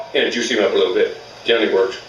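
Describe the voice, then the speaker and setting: A man's voice: lowish voice, dull audio. Folksy man teaching elk calls, distant and echoey. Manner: plainspoken, folksy, rural grammar. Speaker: elk calling instructor. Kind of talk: outdoor hunting instruction.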